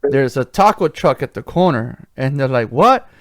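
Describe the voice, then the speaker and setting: A man's voice: mid-range voice, lively intonation, moderate pace, no echo, clean studio sound. A man hosting a podcast, telling rambling anecdotes in casual chat and acting out quoted dialogue with energy. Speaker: podcast host.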